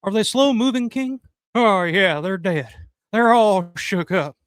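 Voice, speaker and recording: A man doing an impression of a famous rock and roll singer, a swaggering male rock-star drawl with a smooth crooner voice. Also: high voice, expressive, measured pace, dry recording, clean studio sound, pitched above the performer's own voice. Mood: crooning.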